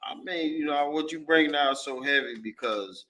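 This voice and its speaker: A man's voice: fairly high pitch, normal speed, bright, forceful tone, far from the mic, slight background noise, rough recording. A man in a class discussion, adding to the main speaker's point in a casual way. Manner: agreeing, building on the speaker's point. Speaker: class participant.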